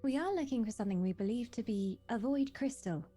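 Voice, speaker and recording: A deadpan woman player in a tabletop game, her voice mellow and dark yet wide-ranging in pitch. Faint music plays underneath. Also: fairly quick, breathy edge. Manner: dry, deadpan. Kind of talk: in-character role-play.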